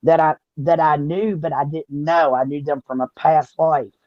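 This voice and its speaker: A woman's voice: deep voice, fairly even intonation, moderate pace, dry recording, lo-fi sound. A woman from Southern Indiana with a Southern US accent, co-hosting a casual talk show with chatty, folksy storytelling. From Southern Indiana, USA. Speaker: podcast co-host. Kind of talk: casual chat.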